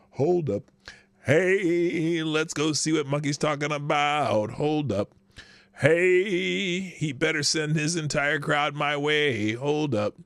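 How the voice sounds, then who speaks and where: Lively, bright-voiced man hosting a live stream. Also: a little high, no room sound. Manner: loose, animated banter with swearing and laughs. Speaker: live-stream show host. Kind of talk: casual live-stream chat. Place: small home studio.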